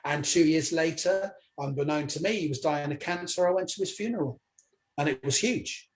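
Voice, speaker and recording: Male comic, guest on an interview, slightly high voice, lively storyteller who voices other people in his anecdotes. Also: normal speed. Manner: lively retelling, acts out others' lines. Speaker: stand-up comedian, interview guest.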